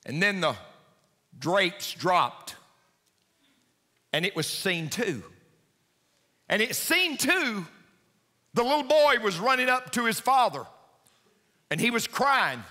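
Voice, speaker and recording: Man, pastor, sermon, high bright voice, slow delivery, long church reverb. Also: very animated. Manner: preaching, rising high and intense in the story. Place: church sanctuary.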